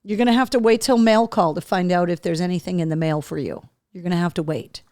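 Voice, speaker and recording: A woman's voice: on the low side, quick pace, darkish tone, no room sound, clean studio sound. A woman hosting a casual live show, chatting to her dogs in a coaxing voice and reading out viewer comments. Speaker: host. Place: home studio room.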